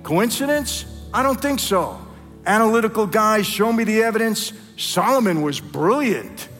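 A man preaches a personal testimony, his voice pitched high for a man. He tells his story dramatically, acting out voices and speaking straight to the congregation. The sound rings with a long reverb from a large hall, with faint music underneath. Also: animated, normal speed, fairly bright tone. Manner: dramatic storytelling, acts out dialogue, addresses crowd as "people". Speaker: guest speaker at a church. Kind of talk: testimony sermon.

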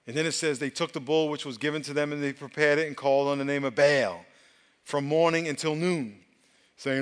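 A man's voice: a little high, brisk, clear, resonant tone. A male pastor preaching a sermon, leading the crowd in call-and-response. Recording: long hall reverb.

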